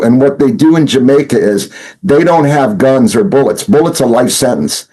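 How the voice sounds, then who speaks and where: Expressive and dark-toned, this medium-pitched man speaks at a moderate pace as a guest in a casual interview about his past as a smuggler turned informant. His telling rambles, full of fillers and restarts, with quotes acted out. The recording is rough.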